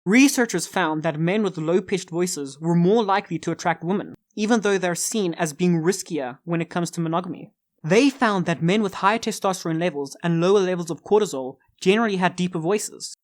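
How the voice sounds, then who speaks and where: A man narrating a scripted self-improvement guide in a flat, matter-of-fact manner. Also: high-pitched, a little fast.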